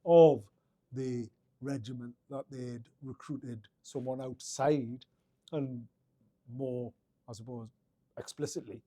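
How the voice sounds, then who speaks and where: Middle-aged Geordie man, guest on a chat show; dark, mellow tone, rambles with restarts. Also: medium pitch, steady tone, slow pace, long pauses, dry recording. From Northeast England. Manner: rambling, many restarts and fillers. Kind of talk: casual interview storytelling.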